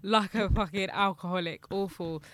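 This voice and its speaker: A young woman, telling stories in casual chat, animated and swearing freely. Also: medium pitch, normal speed, a little hiss or hum. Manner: swears a lot, animated storytelling with acted quotes.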